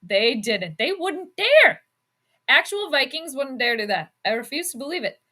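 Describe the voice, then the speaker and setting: A woman's voice: a little high, very animated, normal speed, pushed and bright. A woman hosting a casual livestream, chatting and giggling as she reacts to viewer comments, with many fillers. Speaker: livestream host. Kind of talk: casual livestream chat on sports and astrology.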